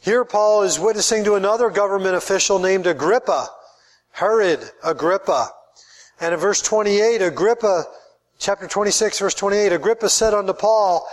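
High pitched pastor guy preaching, earnest, keeps repeating himself as he builds up. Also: normal speed. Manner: earnest, repeats words while building a point. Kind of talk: sermon.

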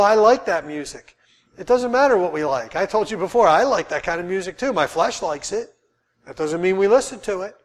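A middle-aged man preaching a sermon, emphatic and repeating his key phrases for weight. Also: high voice.

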